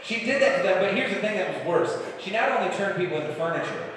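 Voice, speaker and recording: A male comedian tells rambling, irreverent stories on a live comedy club stage. His voice sits a touch higher than most men's. It is caught from afar in a big hall with a long, booming echo and a steady room hum behind it. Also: fast talker, far from the mic. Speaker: stand-up comedian. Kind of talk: stand-up comedy set.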